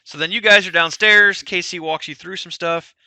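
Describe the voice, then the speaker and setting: Bright-voiced man running a tabletop game. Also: high-pitched, fairly even intonation, normal speed, smooth, no room sound. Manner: casual, rambling, laughs while narrating. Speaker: game master.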